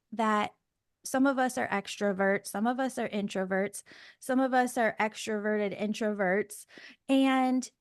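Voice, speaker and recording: A woman podcast host tells a story in a casual, animated way, dropping "like" and "oh my God" as she goes. Her voice sits a little high and is recorded close and dry. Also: no room sound. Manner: animated and gushing, with frequent fillers like "like" and "oh my God".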